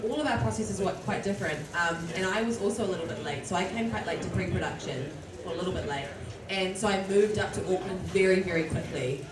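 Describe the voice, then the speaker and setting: A woman, an actor telling a story on a convention panel. Her talk is chatty and animated. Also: on the low side, quick pace, hardly any pauses. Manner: chatty, apologetic, animated when retelling. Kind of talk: casual storytelling on stage. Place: large convention hall. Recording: echoey hall from far off, crowd noise. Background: audience crowd.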